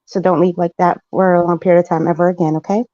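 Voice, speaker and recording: A woman's voice: lowish voice, level tone, quick pace, dark tone, no echo. A woman co-hosting a casual livestream chat, affectionate and blunt, swearing casually. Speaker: livestream co-host. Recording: dull, dry stream audio.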